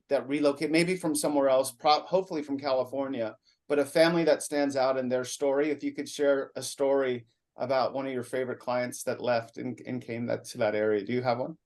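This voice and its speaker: A man's voice: medium pitch, darkish tone. A man hosting a podcast, asking long, earnest questions in a talkative way. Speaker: podcast host. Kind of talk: interview hosting.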